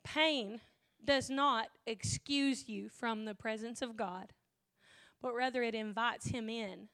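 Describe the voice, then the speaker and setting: A woman pastor preaches with a high, bright voice. She talks emotionally and sounds weepy at times. Her voice rises to near-shouting passion. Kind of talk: sermon.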